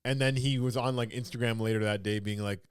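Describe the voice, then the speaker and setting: A man co-hosting a podcast, telling a story in relaxed conversation and slowing down to mimic what someone said. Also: mid-range voice, smooth, no echo, clean studio sound. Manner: storytelling, mimics quotes in a slow mocking voice. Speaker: podcast co-host. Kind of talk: casual chat.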